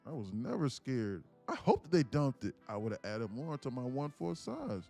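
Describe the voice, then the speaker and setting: A man's voice: mid-range voice, big pitch swings, normal speed, gravelly, dark tone, faint music behind. Hyped man calling live trades. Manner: hyped, preachy, fires rhetorical questions; slangy, casual street talk. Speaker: day trading livestream host. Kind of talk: live trading commentary.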